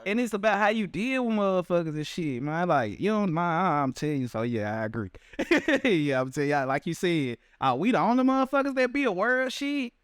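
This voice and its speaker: A man's voice: sits high, very animated, brisk, clean tone, no echo. A man, co-hosting a podcast in casual, profane chat and laughing between thoughts. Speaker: podcast co-host.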